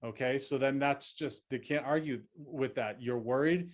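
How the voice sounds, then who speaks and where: A man's voice: mid-range voice, normal speed. A man hosting an advice podcast, speaking earnestly and reassuringly, with many fillers and restarts. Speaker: podcast host.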